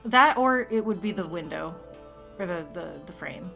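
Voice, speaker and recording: A tired woman streaming a detective game, chatting casually with a giggly, halting manner. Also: on the low side, expressive, vocal fry, fairly bright tone, faint music behind. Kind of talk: casual chat.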